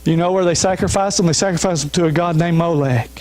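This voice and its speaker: A man's voice: fairly high pitch, fast, a little mellow. A man, a pastor, preaching an emphatic sermon with repeated refrains. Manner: emphatic, repeats refrains, urges listeners to listen.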